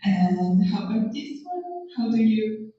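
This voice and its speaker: A woman with a Japanese accent leads a slow, patient classroom lesson, saying each word twice. She sounds far from the mic in a very echoey room, and the recording is dull and lo-fi. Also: medium pitch, sing-song. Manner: repeats words slowly, laughs often. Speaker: language teacher.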